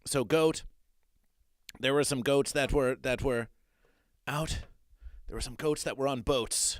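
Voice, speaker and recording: A man doing a rambling, repetitive mock-serious news monologue as a comedy streamer, swinging between loud and hushed muttering. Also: medium pitch, lively intonation, normal speed, pauses often, clear, resonant tone, no echo.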